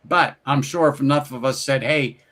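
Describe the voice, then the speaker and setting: A middle-aged man, the host, chatting loosely with a friend. His voice sits at an ordinary pitch, and he acts out the people in his anecdotes with quick, laughing asides. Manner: storytelling, animated quoted voices, laughs often. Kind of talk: casual chat.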